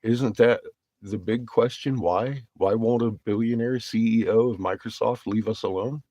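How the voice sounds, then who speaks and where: A man's voice: lowish voice, normal speed, warm tone, no room sound. A man telling a rambling story in a casual vlog, cursing freely and breaking into laughter. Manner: rambling, profane, laughs often. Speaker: vlogger.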